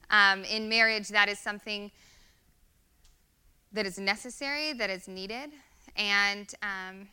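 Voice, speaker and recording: A woman's voice: medium pitch, bright, forceful tone, clean tone. A woman in her thirties giving an earnest, conversational sermon with many fillers. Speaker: guest speaker.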